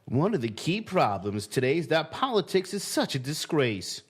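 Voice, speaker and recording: A podcast host, a man, who reads quotes in a deliberate, slow way and breaks into laughter often. His voice sits a little high and swings widely in pitch. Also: very animated, slightly rough. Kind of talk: casual chat, reading quotes aloud.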